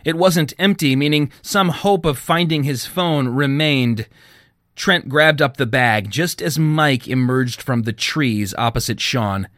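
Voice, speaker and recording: A man, the author, reading his own fiction aloud in a measured storytelling manner. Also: medium pitch, a bit bright, dry recording, clean studio sound. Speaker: author and narrator.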